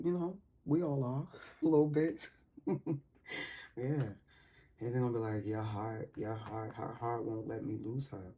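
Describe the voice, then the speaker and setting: A woman giving a casual tarot reading, talking in an animated, slangy, playful way and laughing often. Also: extremely low pitch, slightly rough. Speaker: tarot reader.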